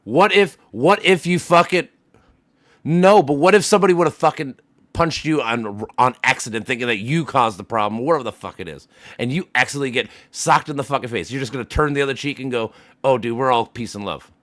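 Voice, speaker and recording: A man's voice: mid-range voice, a little fast, a bit bright, no echo. A man streaming a casual voice chat, arguing heatedly, swearing often and repeating himself as he presses his point.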